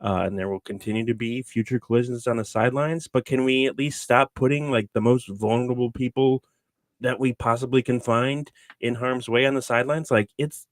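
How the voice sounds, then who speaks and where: A man's voice: medium pitch, fairly even intonation, brisk, no room sound. Exasperated man ranting, dry mic. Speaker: podcast co-host. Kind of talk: casual sports podcast chat.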